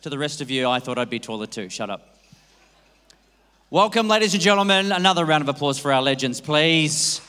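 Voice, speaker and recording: A man hosting an awards night as master of ceremonies, cracking quick jokes and bantering with the crowd. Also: on the high side, lively intonation, sharp tone. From Australia. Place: large hall. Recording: long hall reverb.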